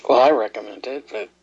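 A woman's voice: a bass voice, lo-fi sound. A female co-host in casual chat, wisecracking and laughing easily.

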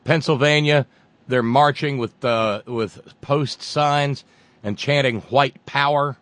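A man's voice: medium pitch, slow pace, fairly bright tone, no room sound. Southern American man, political commentator, profane and sarcastic monologue, dry recording. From Southern United States. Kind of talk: monologue rant.

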